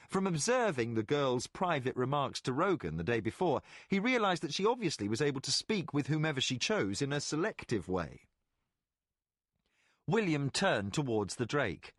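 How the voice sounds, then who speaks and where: A man narrating a fantasy audiobook in an expressive, storytelling way. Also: medium pitch, dry recording, clean studio sound.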